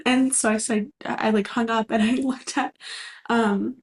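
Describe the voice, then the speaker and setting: A woman's voice: fairly high pitch, fairly even intonation, measured pace. A young woman, co-hosting a podcast and telling a long story in a chatty way, full of fillers and laughs. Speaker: podcast co-host. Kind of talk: casual chat.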